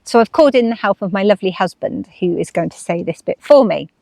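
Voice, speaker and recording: A woman's voice: mid-range voice, animated, quick pace, vocal fry, warm tone, dry recording. A woman vlogger talking casually, chatty and acting out her own inner voices. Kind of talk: casual chat.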